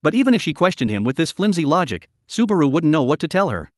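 Expressive male audiobook narrator. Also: on the high side, fast, dry recording, clean studio sound. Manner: expressive storytelling.

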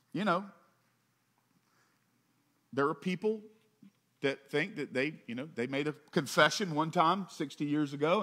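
A man preaching a sermon in a slightly higher voice than most men. He talks to the congregation conversationally, with little asides. He rises for emphasis and drops low and quiet to land his points. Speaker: pastor.

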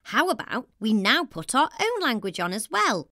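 A woman from England hosting a children's show, cheerful and encouraging, speaking slowly and clearly for young children. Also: fairly high pitch, very animated, sharp tone. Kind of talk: children's TV presenting.

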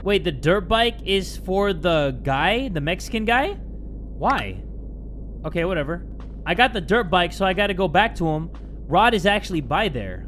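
A man giving excitable, jokey let's play commentary, with sudden yelps and casual swearing. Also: high voice, normal speed. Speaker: gaming YouTuber. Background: game music.

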